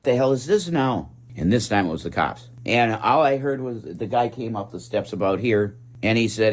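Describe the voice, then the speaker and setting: A man's voice: lowish voice, expressive, moderate pace, hardly any pauses. A man telling a story in a casual vlog, earnest and dramatic, acting out the voices of the people in it. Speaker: vlogger.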